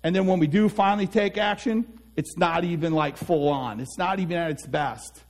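High-voiced man giving a pep talk. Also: normal speed, creaky. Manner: earnest, animated, acts out quoted voices. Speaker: life coach. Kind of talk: motivational talk.

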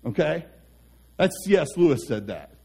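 A life coach with a high, light, gravelly and slightly rough voice gives an earnest motivational talk at normal speed. He's animated and energetic, slipping into the voices of the people he quotes.

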